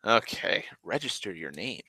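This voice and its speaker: A man's voice: lowish voice, sing-song, normal speed, sharp tone, slight background noise. A man rambling in a casual, profane monologue, ranting and complaining at length. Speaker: vlogger.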